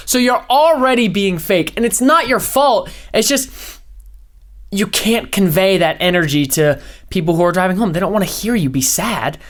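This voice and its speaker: A young man, a podcast host and former radio DJ, rambling in a fast, high-energy casual way with lots of "like" fillers. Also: a little hiss or hum. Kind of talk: casual solo podcast rant.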